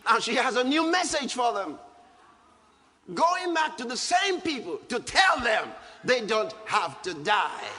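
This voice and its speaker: A man with a Nigerian English accent preaching a sermon, emphatic, dropping low and calm then rising to loud outbursts. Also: unhurried, big-room sound, slight background noise. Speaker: pastor.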